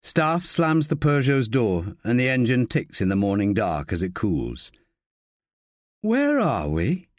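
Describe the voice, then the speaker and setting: A man narrating an audiobook in a measured, expressive way. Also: fairly low pitch, dry recording, studio quality. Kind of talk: scripted narration.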